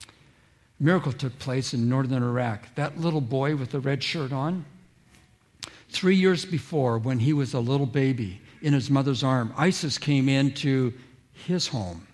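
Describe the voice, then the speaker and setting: A man's voice: medium pitch, a little slow, darkish tone. A man preaching a sermon, telling stories and acting out quoted voices, drawing listeners in with questions. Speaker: pastor.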